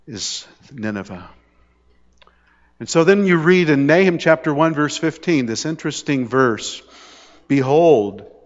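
Male pastor, mid-pitched, conversational sermon delivery that builds in intensity, lo-fi reverberant hall. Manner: conversational preaching with jokes, rising intensity on dramatic points. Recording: dull lo-fi hall recording.

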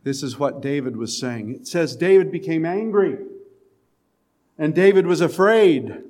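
A man preaching a sermon in a conversational way, with quiet, emphatic lines and the odd chuckle. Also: fairly high pitch, expressive, a little slow. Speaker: pastor.

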